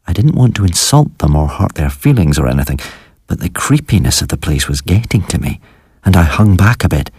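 Low, husky male storyteller. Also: very animated, darkish tone, dry recording. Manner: measured, dramatic storytelling. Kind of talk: scripted horror story narration.

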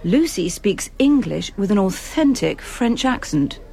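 An actress playing a patronising, soothing school counsellor. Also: female voice, medium pitch, big pitch swings, measured pace, creaky, dark tone.

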